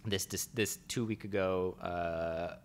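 A man's voice: low voice, fairly even intonation, slow, a little hiss or hum. A man co-hosting a podcast in casual chat, rambling and searching for words with lots of fillers. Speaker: podcast co-host.

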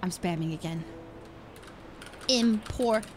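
A woman's voice: medium pitch, takes it slowly, music in the background. A woman streamer talking in character during a roleplay game, playful and teasing, laughing often.

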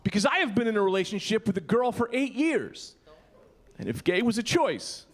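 A man's voice: high voice, big pitch swings, moderate pace. A man performing a loose, rowdy stand-up comedy set in a comedy club, acting out quotes. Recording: comedy club with loud crowd laughter.

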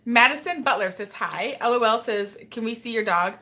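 A chatty woman with a bright, clear voice pitched a little high hosts a casual live stream. As a mother she reads out viewer comments and breaks off to scold her child, and a faint hiss sits under her voice. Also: normal speed. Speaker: host and mother.

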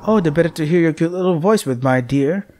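A man's voice: a little high, animated, brisk, darkish tone, a little hiss or hum, pitched above the performer's own voice, close to an everyday voice. A man voicing a wolf disguised as a doting old grandmother in a game, his voice raised and sugary.

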